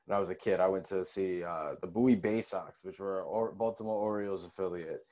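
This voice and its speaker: A man's voice: low voice, brisk, mellow. Hesitant man chatting on a podcast. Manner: hesitant, many fillers and self-corrections. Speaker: podcast co-host. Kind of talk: casual podcast chat.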